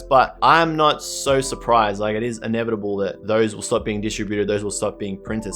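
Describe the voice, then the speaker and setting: A man giving pack-opening commentary, gushing and excitable, repeating his catchphrases. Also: lowish voice. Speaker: card collector opening packs.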